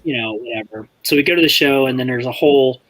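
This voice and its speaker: A man's voice: mid-range voice, quick pace, a bit bright, low-quality recording. A man on a podcast, telling rambling, profane stories in casual chat and laughing as he goes. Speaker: podcast co-host. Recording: faint background noise.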